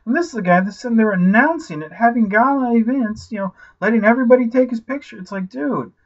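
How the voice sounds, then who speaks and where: Profane, animated man ranting on lo-fi audio. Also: extremely high pitch, quick pace. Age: 30s. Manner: animated, profane, full of "like" and "you know". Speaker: movie reviewer. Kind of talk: casual ranting movie review.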